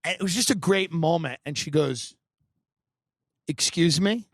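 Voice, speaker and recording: A man's voice: on the high side, fairly quick, dry recording. Sardonic man telling a comedy story. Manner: sardonic, animated, provocative.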